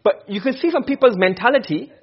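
Quick, husky male grammar teacher. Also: very high-pitched, lively intonation. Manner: quizzing students with quick questions. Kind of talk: classroom lesson. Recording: muffled lo-fi classroom recording.

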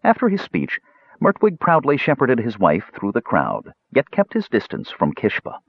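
Husky, expressive male fantasy narrator. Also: mid-range voice, normal speed, no echo, lo-fi sound. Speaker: audiobook narrator.

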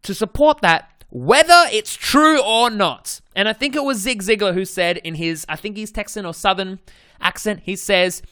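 A man's voice: high-pitched, moderate pace, pushed and bright, clean tone, no echo, clean studio sound. A man with an Australian accent, a dating coach hosting his podcast in a casual monologue, stressing and repeating his key points with frequent self-corrections.

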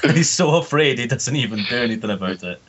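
A man co-hosting a podcast, relaxed and steering the casual chat. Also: medium pitch, fast talker, husky. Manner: relaxed, steers the talk, laughs easily. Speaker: podcast co-host. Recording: dull lo-fi audio.

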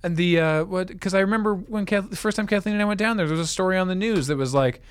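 A man's voice: sits high, fast talker, few pauses, smooth, dry recording. A man co-hosting a casual podcast, recapping wrestling and acting out the wrestlers' lines. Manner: animated storyteller, acts out quoted wrestlers. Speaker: podcast co-host.

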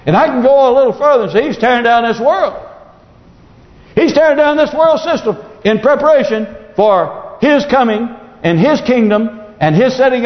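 A man preaching a sermon as pastor, his voice swooping up on emphasis and dropping low when he reads scripture. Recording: echoey hall, dull lo-fi sound.

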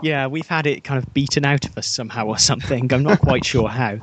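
A man's voice: medium pitch, fast talker, noisy background. A man from England's Black Country hosting a podcast in casual chat, dry and jokey with self-mocking asides. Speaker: podcast host.

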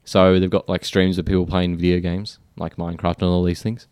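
A young man with a very low voice, chatting on a casual podcast. He talks in loose, rambling bursts and balks when pushed. The sound is dry and close. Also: flat delivery, fairly quick, darkish tone, smooth, no echo. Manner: reluctant, mumbling, laughs through attempts. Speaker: co-host.

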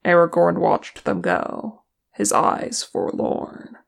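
A reader narrating a fan fiction audiobook with steady, even storytelling. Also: mid-range voice, slow, creaky.

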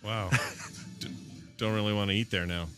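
A man's voice: fairly low pitch, steady tone, normal speed, fairly bright tone, faint music behind. A man hosting a podcast, riffing casually on a movie as he watches it and laughing often at it. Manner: joking, laughs often, wry asides. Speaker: podcast host.

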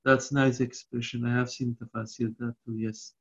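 A man giving a lecture on Quran commentary, reciting Arabic verses quickly and then explaining them in halting English with many restarts. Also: mid-range voice, level tone, a bit bright, slightly rough. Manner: frequent restarts and fillers. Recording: dull lo-fi recording.

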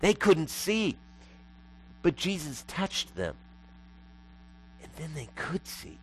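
A man's voice: fairly high pitch, big pitch swings, slow pace, a little hiss or hum, poor audio. A man preaching a sermon as pastor, emphatic and repeating lines for effect.

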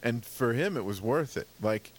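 A man co-hosting a podcast, making his case in a thoughtful, measured way in casual chat. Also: medium pitch, animated, slight background noise. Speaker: podcast co-host.

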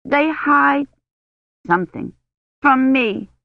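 A reader voicing a sullen, slow-witted medieval servant girl who talks in a halting way. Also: high-pitched, lively intonation, creaky, no room sound, narrow, tinny audio, pitched above the performer's own voice, exaggerated voice. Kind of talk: audiobook character voice.

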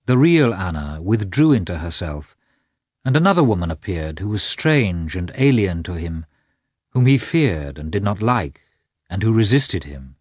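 A man reading a classic novel aloud as an audiobook narrator, in measured, expressive storytelling. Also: deep voice, slightly rough, no room sound, clean studio sound.

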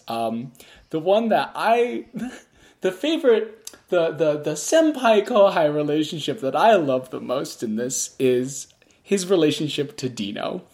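Woman, deep voice, very animated pitch, giggly, effusive podcast chat. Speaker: podcast co-host. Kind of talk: casual fan chat.

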